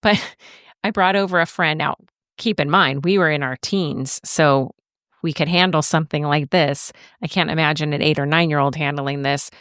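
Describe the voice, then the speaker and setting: Middle-aged woman chatting on a podcast, lowish smooth voice, laughs a lot while telling stories. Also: steady tone, normal speed, fairly bright tone, no room sound, clean studio sound. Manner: chatty storyteller who laughs often. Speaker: podcast co-host. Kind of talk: casual podcast chat.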